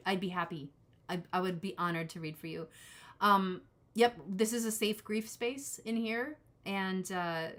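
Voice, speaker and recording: A woman's voice: on the low side, fairly bright tone. A woman in her forties giving a casual live-stream tarot reading, rambling and cutting herself off as she talks to her chat viewers. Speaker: tarot reader.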